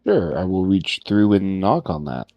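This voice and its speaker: A man's voice: sits low, big pitch swings, unhurried, creaky, no room sound, muffled recording. A man playing a tabletop game, talking casually in a hesitant, questioning way. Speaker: player.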